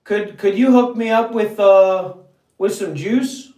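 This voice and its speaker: Loud teasing man in an echoey room. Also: high-pitched, slow. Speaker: livestream host. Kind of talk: joking livestream banter. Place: bathtub.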